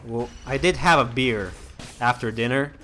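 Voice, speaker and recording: A man's voice: medium pitch, normal speed, bright, forceful tone, faint music behind. A young man hosting a let's-play, chatting casually as he plays, rambling with lots of restarts and fillers. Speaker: gaming channel host.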